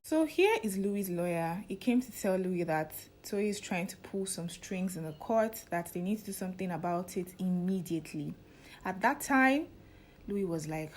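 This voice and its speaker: A woman's voice: on the low side, animated, moderate pace, a little hiss or hum. A woman casually recapping a drama episode, chatty and opinionated, often saying "you know". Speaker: series recap vlogger.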